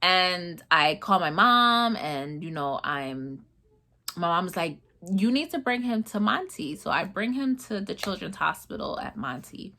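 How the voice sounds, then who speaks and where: A young woman from New York shares a personal story in a casual vlog. Her voice is bright and forward, and she moves quickly through the events. She acts out each person's lines as she retells the conversations. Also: lowish voice. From New York, USA. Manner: animated retelling, acting out dialogue. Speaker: mother telling her son's story.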